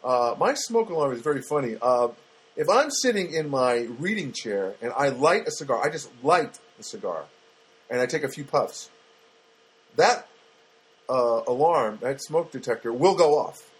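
A comedian talking alone on his podcast in a slightly husky, mid-pitched voice. He wanders from story to story with fillers and restarts, in a wry, self-mocking manner. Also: lively intonation, moderate pace. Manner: rambling, self-deprecating, many fillers and restarts. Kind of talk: rambling comic monologue.

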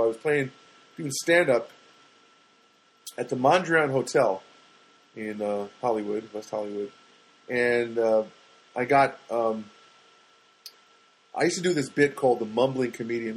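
On a low-quality recording, a husky-voiced middle-aged stand-up comedian rambles through a comedic monologue. He's animated, acting out what people told him with big jumps in pitch.

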